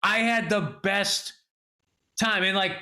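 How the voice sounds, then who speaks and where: A middle-aged man on a casual comedy podcast, telling an animated story full of swearing. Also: high-pitched, slow. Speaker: podcast co-host.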